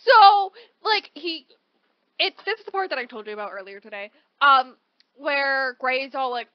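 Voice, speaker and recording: A woman with a high voice retells a novel's plot on a podcast in fast, animated chatter, tossing in "like" and "right?" and the odd casual curse. The sound is dry with no room echo and a little muffled, as from a modest home setup. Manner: animated storytelling, peppered with "like" and "right?"; swears casually. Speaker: podcast co-host. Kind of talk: casual book recap chat.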